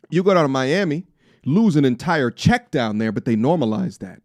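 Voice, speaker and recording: A young man in casual podcast chat, playful and animated, slipping into high excited rants. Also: normal speed, no room sound, clean studio sound. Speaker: podcast co-host.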